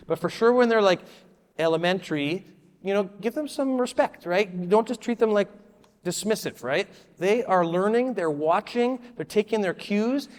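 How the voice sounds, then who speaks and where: A man's voice: high voice, in a large hall. A man leading a volunteer training session, speaking casually and repeating answers from the group. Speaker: children's ministry leader training volunteers. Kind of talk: live training talk to a room.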